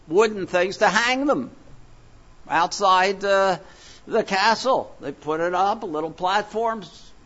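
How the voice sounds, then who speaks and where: A man's voice: high-pitched, a bit bright. An older man from Philadelphia preaching a sermon, telling stories in a rambling, digressive way with many fillers and restarts. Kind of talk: sermon with storytelling. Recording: dull lo-fi recording.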